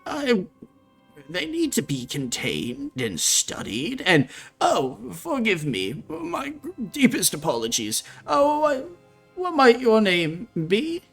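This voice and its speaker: A man voicing an excitable, apologetic elderly male scholar wizard in a tabletop game. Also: high-pitched, takes it slowly, vocal fry, breathy edge, faint music behind, voice pushed up, heavily acted. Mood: flustered delight.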